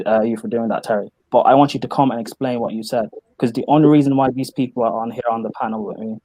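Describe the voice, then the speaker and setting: A man runs a heated online panel in a stern, demanding voice that stays measured. His pitch sits in an ordinary middle range. The sound is dry and close, with no room around it. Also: a little mellow, no room sound. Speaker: livestream panel host. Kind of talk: confrontational live stream panel.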